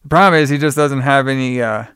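A man's voice: medium pitch, fast, a bit bright, smooth, no echo, studio quality. A man co-hosting a podcast, casually retelling a movie plot in a rambling way full of fillers. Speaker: podcast co-host. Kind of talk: casual movie review chat.

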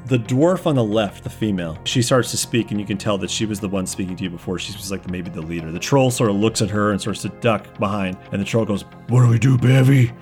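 A man's voice: lowish voice, fast talker, few pauses, faint music behind. A man as game master narrating a tabletop game in a casual, profane, rambling way.

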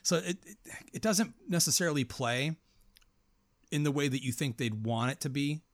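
A man's voice: fairly high pitch, moderate pace, dry recording. A man co-hosting a casual horror movie podcast, rambling and swearing as he talks. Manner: profane, rambling, animated. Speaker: podcast co-host. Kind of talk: casual film discussion.

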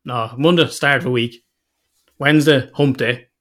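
A man's voice: medium pitch, normal speed. Irish man telling stories with sweary humour. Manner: swears freely, tells stories with lively quoted voices, laughs often. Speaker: podcast host. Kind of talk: casual chat.

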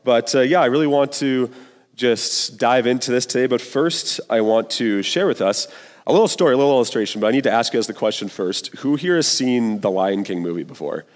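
A man's voice: medium pitch, a little fast. A young man in his twenties preaching a sermon as youth pastor, casual and conversational with fillers and asides, in a church. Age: 20s. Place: church sanctuary. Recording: long reverb of a large hall.

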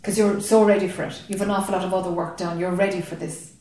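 A woman speaking as a spiritual teacher to a group, calm, slow and encouraging. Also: fairly low pitch. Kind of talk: satsang dialogue. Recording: very echoey, distant in a hall.

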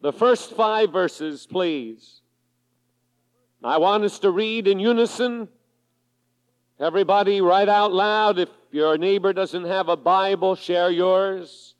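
High-voiced preacher in a reverberant hall. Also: male voice, muffled recording. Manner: measured preaching, reading scripture aloud to a congregation. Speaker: pastor. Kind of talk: sermon. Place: large church sanctuary. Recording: 1980s sermon recording with long hall reverb.

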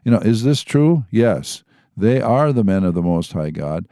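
A man's voice: on the low side, sing-song, moderate pace, mellow, dry recording, studio quality. A man co-hosting a Christian talk, reading Bible passages aloud and commenting on them in casual asides. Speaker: co-host reading scripture.

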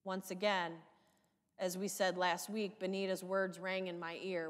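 A woman pastor preaching a sermon in a measured, emphatic way, her questions sometimes rising with passion. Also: medium pitch, little pitch movement, a bit bright, long reverb tail.

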